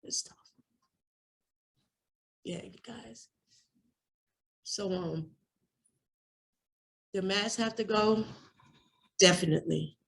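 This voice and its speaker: A woman's voice: medium pitch, drawn-out words, creaky, pauses often. A woman giving an emotional personal share at a recovery workshop, raw and candid, cursing freely and repeating herself.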